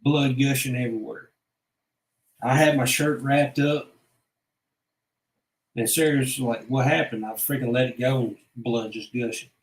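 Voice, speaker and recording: A man's voice: mid-range voice, steady tone, a little slow, long pauses. Blunt man in an echoey room. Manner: blunt, rambling, profane. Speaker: vlogger. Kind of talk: casual personal storytelling.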